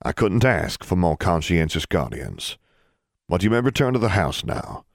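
A man voicing a tall bearded ghost father with a deep voice, courteous and measured, in a storybook reading. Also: sing-song, dry recording, studio quality. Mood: gentle.

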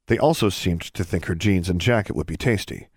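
A man narrating a fantasy audiobook in a steady, even storytelling manner. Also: sits low, fairly quick, breathy edge, no echo, clean studio sound. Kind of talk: scripted narration.

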